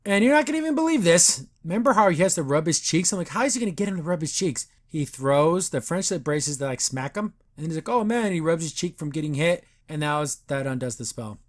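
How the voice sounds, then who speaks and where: A man's voice: fairly high pitch, animated, fast talker, hardly any pauses. Rambling sarcastic man recapping a cartoon. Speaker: podcast host reviewing a cartoon. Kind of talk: casual episode recap.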